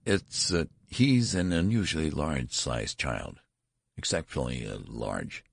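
A harried new father, nervous and stammering, who snaps back sternly. A man voices him in his own very low, gravelly voice. The tone is husky and the recording dry. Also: sing-song, a little slow, no echo, full character voice.

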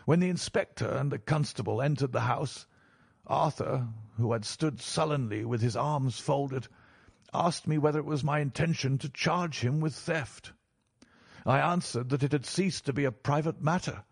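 A man narrating a story in a measured, formal way, as an audiobook reader. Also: mid-range voice, vocal fry, husky, no echo, studio quality. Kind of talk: scripted narration.

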